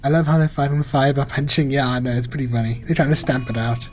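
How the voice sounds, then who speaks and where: A young man does casual Let's Play commentary, joking about himself and responding to chat in a quick, fairly even, medium-pitched voice with a darkish tone. Slight background noise and faint music can be heard.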